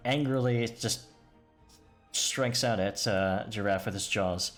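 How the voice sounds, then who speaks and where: A man narrating combat turns as game master, quick and matter-of-fact. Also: lowish voice, faint music behind. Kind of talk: running a tabletop game.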